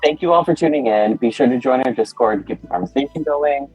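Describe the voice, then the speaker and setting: A man's voice: mid-range voice, a little fast, dull audio. A man hosting a casual panel chat, easygoing and laughing along with his guests. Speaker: host. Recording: dry, faint music behind.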